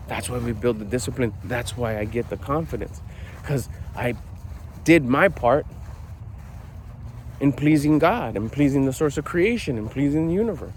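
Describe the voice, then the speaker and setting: A middle-aged man giving a casual motivational talk outdoors at a park, blunt and animated, swearing freely. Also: medium pitch, moderate pace, a little hiss or hum. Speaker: personal development vlogger.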